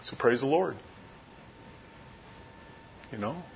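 Middle-aged pastor preaching, folksy and earnest, kinda muffled lo-fi sound w/ a bit of rumble. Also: male voice, expressive, slow, creaky. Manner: earnest, conversational, folksy storytelling. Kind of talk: sermon. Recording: muffled lo-fi recording with faint rumble.

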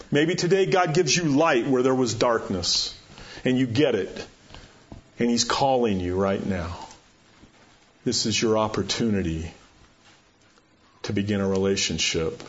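Male pastor mid-sermon, lively delivery swinging between excited questions and hushed appeals, mid-pitched voice, slightly muffled recording. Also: a little hiss or hum. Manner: animated, rising to excited questions and dropping to quiet appeals.

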